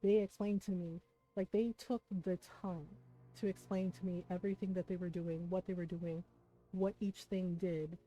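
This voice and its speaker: A woman's voice: on the low side, little pitch movement, moderate pace. A woman streamer, chatting casually and emotionally to her viewers, close to tears and full of fillers. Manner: emotional, many fillers and "right?" asides. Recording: dull lo-fi stream audio with soft music.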